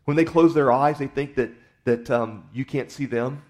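A man's voice: mid-range voice, normal speed, darkish tone. A male pastor giving a sermon in a folksy, conversational storytelling manner, often repeating his words as he goes.

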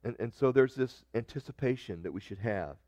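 A man's voice: mid-range voice, lively intonation, fairly quick, warm tone, dry recording. A man preaching a sermon in a conversational way, reading scripture and often restarting his sentences. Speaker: pastor.

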